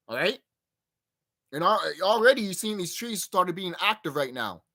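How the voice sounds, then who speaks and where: A man hosts his own channel and delivers an emphatic, profane rant in reaction to a clip. His voice swings widely in pitch as he pushes his points hard. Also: big pitch swings, moderate pace, sharp tone. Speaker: channel host.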